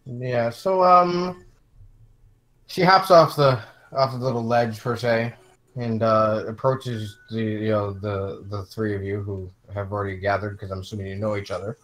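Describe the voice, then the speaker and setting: A man playing a tabletop game, talking in a halting, drawn-out way. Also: fairly low pitch, fairly even intonation, fairly bright tone, low-quality recording. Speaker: player. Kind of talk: casual tabletop game play.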